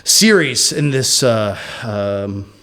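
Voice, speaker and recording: A man's voice: lowish voice, expressive, extremely slow, a bit bright, clear, resonant tone. A man hosting a casual movie discussion podcast, joking and theatrical as he leads it. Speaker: podcast host.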